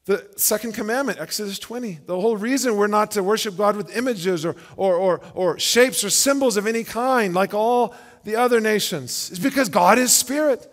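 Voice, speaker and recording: A high-pitched man preaches at a moderate pace, his sermon emphatic and full of rhetorical questions and repeated words as his points build. He is the pastor, speaking in a church sanctuary where a long reverb fills the hall.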